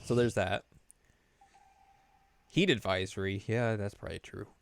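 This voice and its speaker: A man's voice: on the low side, steady tone, measured pace, vocal fry, clean tone. A man co-hosting a podcast in casual chat, laid-back and chatty, with dry asides and chuckles. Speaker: podcast co-host.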